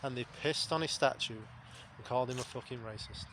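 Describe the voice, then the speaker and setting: A man's voice: mid-range voice, brisk, a bit bright, a little hiss or hum. A man, talking to camera in a blunt, rambling, sweary monologue. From England. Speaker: vlogger. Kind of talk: casual spoken monologue.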